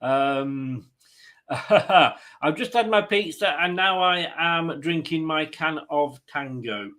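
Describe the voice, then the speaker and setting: A man's voice: a little high, animated, slow pace, bright, forceful tone, poor audio. An English man hosting a football watchalong stream, chatting casually, joking and greeting viewers by name. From England. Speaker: host of a football watchalong livestream. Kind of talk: casual chat reading viewers' comments.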